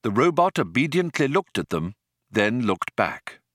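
A man's voice: mid-range voice, very animated, measured pace, a bit bright, no echo. A man narrating an audiobook in a dry, wry storytelling manner. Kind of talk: scripted narration.

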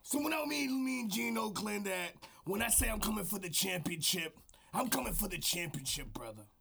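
A man's voice: high voice, lively intonation, moderate pace, gravelly, a crowd in the background. A man co-hosting a comedy podcast, talking in a growling put-on wrestler voice with boastful, profane trash talk. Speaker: podcast co-host.

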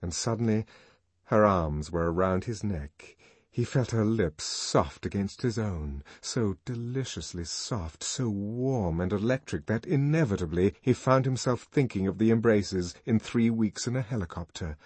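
A man narrating a novel in an audiobook with expressive, lively delivery. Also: fairly low pitch, a little slow, husky, no echo. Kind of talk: novel reading.

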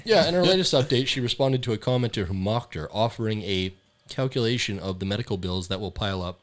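A man's voice: on the low side, animated, fast. A man hosting a podcast in casual chat, talking loosely and rambling with many fillers. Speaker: podcast host.

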